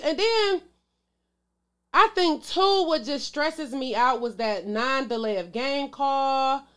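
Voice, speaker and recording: A woman hosting a casual sports show to camera, emotional, sighing and calling out to her viewers. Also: high voice. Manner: emotional, exclaims and sighs, talks to viewers as "y'all".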